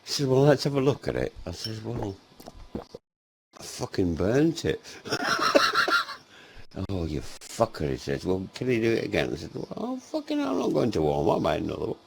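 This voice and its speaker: An older man rambles through a crude comic story, his voice gravelly and swooping wildly from low grumbles to high squeals. He swears nearly every line and keeps laughing at his own jokes. There is a faint hiss behind him. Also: huge pitch swings, moderate pace, long pauses, darkish tone. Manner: swears constantly, acts out both sides of dialogue, laughs often.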